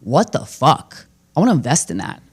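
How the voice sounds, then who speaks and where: Low-voiced brash woman comedian. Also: normal speed, breathy edge. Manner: brash, profane, animated, with sudden loud jumps in pitch. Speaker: comedian podcast host. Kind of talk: casual comedic storytelling.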